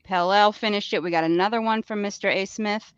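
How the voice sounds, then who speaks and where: A podcast co-host chatting casually, giving quick, matter-of-fact asides. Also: medium pitch, steady tone, fairly bright tone, clear, resonant tone, no room sound, dull audio. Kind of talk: casual chat.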